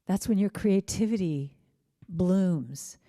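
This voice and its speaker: A middle-aged woman giving a gentle, heartfelt inspirational talk in a church, telling personal stories. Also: on the low side, slow. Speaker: singer-songwriter speaker.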